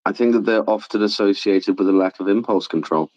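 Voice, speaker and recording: Deep man in debate, measured explainer, muffled recording. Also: a little mellow. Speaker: debate participant. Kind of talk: casual debate chat. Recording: muffled lo-fi sound.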